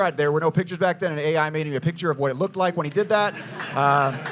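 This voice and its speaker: Brash, high-pitched, lively man guiding a group. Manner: brash, jokey, addresses listeners as "you guys" and "baby". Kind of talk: lively history talk to a group.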